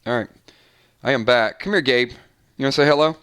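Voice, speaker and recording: Chatty male game master with a bright, crisp voice, easygoing stream talk. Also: medium pitch, normal speed. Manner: chatty, tallies numbers aloud. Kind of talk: casual live-stream chat running a role-playing game.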